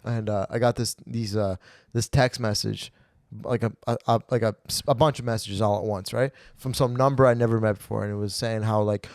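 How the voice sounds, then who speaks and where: A man's voice: on the low side, fairly even intonation, brisk, a little mellow, no echo, studio quality. A man hosting a comedy podcast, telling stories in a rambling, profane way and often tacking on "okay?" and "right?". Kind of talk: casual comedic storytelling.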